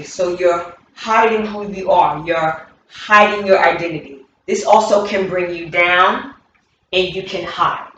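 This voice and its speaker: A woman's voice: on the low side, measured pace, fairly bright tone, dull audio, slight background noise. Woman coaching in a very echoey room. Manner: repetitive, emphatic, demonstrative. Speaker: movement coach. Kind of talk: instructional talk with movement demonstrations. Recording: very echoey room, distant mic.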